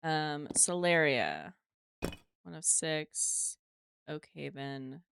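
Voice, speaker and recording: A woman's voice: low-pitched, expressive, very slow, gravelly, fairly bright tone, smooth, no echo. A woman streaming a game live, chatting casually to her viewers, swearing freely and talking to herself as she plays.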